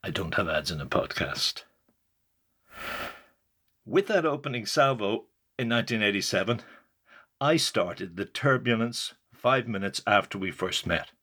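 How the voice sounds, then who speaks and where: A man's voice: lowish voice, lively intonation, measured pace, pauses often, pushed and bright, slightly rough. An older man, a journalist, reading his own article aloud in a wry, dry storytelling way. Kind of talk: read-aloud first-person memoir narration.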